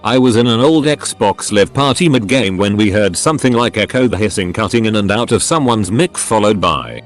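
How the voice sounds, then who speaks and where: A man with a fairly low voice reads short stories aloud in a scripted narration. His pitch moves a lot, rising and falling through each sentence. Faint music plays behind him. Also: expressive, normal speed, few pauses. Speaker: narrator reading online stories. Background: faint background music.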